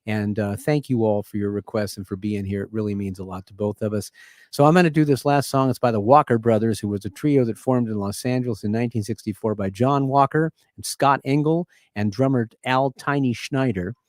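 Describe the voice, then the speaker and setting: A man's voice: lowish voice, brisk, darkish tone, dry recording, studio quality. A man hosting a music stream, chatting in a rambling, grateful way before introducing the last song. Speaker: host and musician. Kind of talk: casual chat introducing songs.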